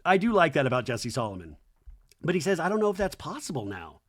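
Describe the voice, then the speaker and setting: A man hosting a podcast, recapping a reality show in casual, animated commentary and acting out the cast's lines in mock voices. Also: a little high, fast talker. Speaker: podcast host.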